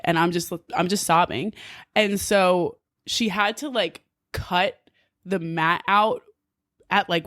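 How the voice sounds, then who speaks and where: Animated woman telling a story. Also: on the low side, no room sound, clean studio sound. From New Jersey. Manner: animated, filler-heavy with frequent "like", laughs often. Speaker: podcast guest. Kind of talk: casual storytelling.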